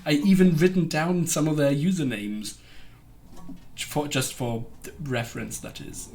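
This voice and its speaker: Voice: medium pitch, a little slow, loud music behind the voice. A livestreamer chatting casually and rambling, with frequent giggles between sentences. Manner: rambling, gushing about a web series. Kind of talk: casual stream chat.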